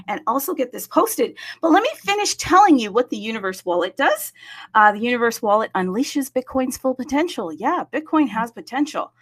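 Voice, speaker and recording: A woman's voice: fairly high pitch, a bit bright. A woman hosting a casual livestream, chatty and upbeat, greeting viewers city by city and talking to the audience with frequent fillers. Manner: frequent fillers, self-aware about talking fast. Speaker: livestream host. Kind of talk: casual crypto livestream chat.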